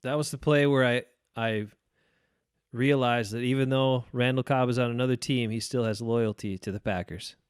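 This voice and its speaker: Laid-back guy co-hosting a sports podcast, smooth clear voice, chuckles a lot, keeps things moving, dry close sound. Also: mid-range voice, steady tone, moderate pace, no room sound. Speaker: podcast co-host. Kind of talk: casual sports chat.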